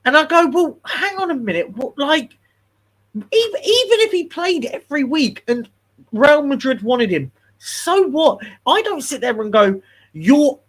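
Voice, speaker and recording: Husky bloke co-hosting a footy chat, fired up, stumbles over repeated words. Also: male voice, very high-pitched. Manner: animated, repeats words when getting started. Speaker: co-host. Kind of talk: casual football chat.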